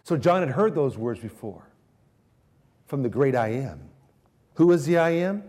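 Slow-preaching man with a sermon cadence. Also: mid-range voice, expressive. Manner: swings from hushed, drawn-out phrases to raised emphatic declarations.

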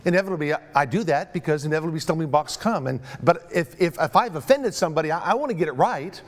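A man's voice: a little high, lively intonation, quick pace. A middle-aged man, a pastor, telling a story in a sermon, acting out both sides of a phone call and stammering when he gets worked up.

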